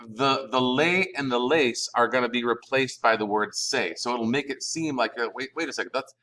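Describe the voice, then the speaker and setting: Low-voiced man teaching a Spanish class. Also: fairly bright tone, rough recording. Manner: informal explaining with fillers and self-corrections. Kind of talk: recorded class lecture.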